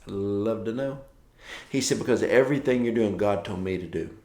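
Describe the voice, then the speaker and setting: A man with a low, gravelly voice, talking through a morning devotional like a pastor chatting with friends. He tells stories and acts out quoted exchanges in a loose, conversational way. The sound is roomy and echoey. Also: moderate pace, dark tone. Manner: conversational, storytelling with quoted dialogue.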